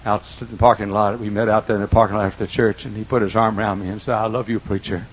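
An older man preaching a folksy sermon in a church, swinging from quiet asides to loud, drawn-out emphasis, with a husky voice. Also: on the low side, level tone, poor audio. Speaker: pastor. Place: church auditorium.

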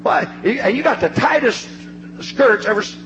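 A man preaches with fire, his voice sitting high and swinging widely. He climbs to ringing shouts, then sinks to low, hushed pleading. A steady hum and noise run under the recording. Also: moderate pace, muffled recording. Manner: fervent, rising to shouts, dropping low and hushed. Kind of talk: sermon.

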